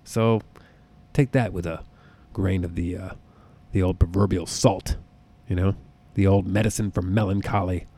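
Excitable, profane man with a low voice. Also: moderate pace, long pauses. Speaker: podcast host. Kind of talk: casual solo podcast talk. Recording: close podcast mic.

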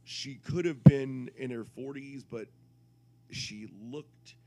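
A man's voice: medium pitch, slow pace, dark tone. A man on a podcast, telling a rambling, crude story in casual chat and interrupting himself as he goes. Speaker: podcast co-host.

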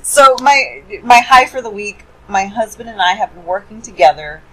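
A woman's voice: medium pitch, animated, moderate pace, rough recording. Giggly, chatty woman co-host. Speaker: podcast co-host. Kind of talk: casual podcast chat.

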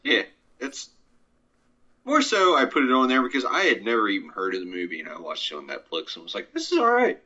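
Man, lowish voice, bright sharp tone, rambling casual film talk, dull lo-fi audio. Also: lively intonation, a little fast, breathy edge. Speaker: podcast co-host. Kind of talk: casual movie chat. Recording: dull lo-fi sound.

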